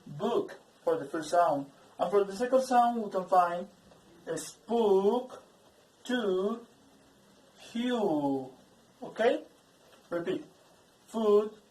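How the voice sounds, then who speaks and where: A woman's voice: medium pitch, darkish tone. A woman from Colombia with a Colombian Spanish accent, teaching an English pronunciation lesson in English as a second language. She drills lists of example words and stresses each one. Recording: echoey room, mic far off.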